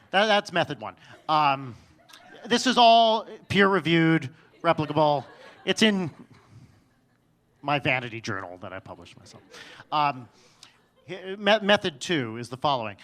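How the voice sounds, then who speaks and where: A man telling a funny personal story live on stage, swinging between loud bursts and quiet, dry asides. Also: a little high. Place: stage before an audience.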